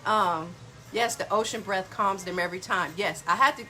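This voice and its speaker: A woman's voice: medium pitch, moderate pace, pushed and bright, slight background noise. A middle-aged woman hosting a casual motivational talk, chatty and folksy, calling her listeners y'all. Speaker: wellness podcast host.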